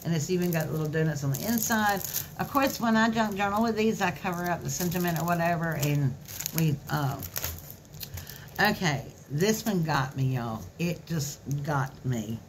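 Brief: low-voiced woman vlogger, gushy and folksy, soft packaging crinkle behind her. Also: lively intonation, moderate pace, a little hiss or hum. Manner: gushing, chatty and folksy. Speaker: craft vlogger. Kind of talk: casual haul video chat. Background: faint crinkling of plastic packaging.

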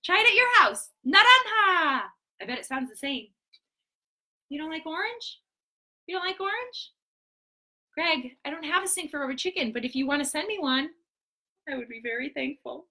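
A woman hosting a live stream for preschoolers, talking in an animated, sing-song way with gasps and quick asides. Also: high voice. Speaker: children's entertainer host. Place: home.

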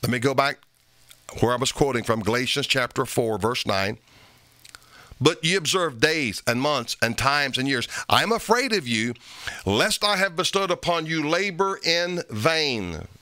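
Forceful, bright-voiced male preacher. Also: medium pitch, lively intonation, measured pace, dry recording. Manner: emphatic preaching with sharp rises on repeated phrases; reads scripture aloud in old-fashioned wording. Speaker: pastor. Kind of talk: sermon.

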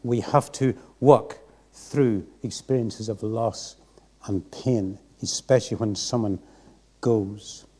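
A mellow-toned man, preaching from the pulpit of a church. He talks in an earnest, reflective, unhurried way. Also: on the low side, breathy edge. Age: 60s. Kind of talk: sermon.

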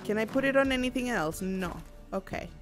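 A woman's voice: fairly high pitch, animated, brisk. A woman streaming a game, chatting with viewers and squealing when enemies attack. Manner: chatty, giggly, reading chat aloud; bursts into squeals and shouts at enemies. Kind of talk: casual gameplay commentary. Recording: music playing behind.

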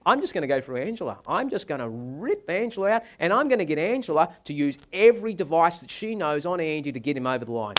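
A male sales trainer delivers a seminar, telling his anecdotes with animated, dramatic flair. His voice sits a little high for a man. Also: fast, few pauses.

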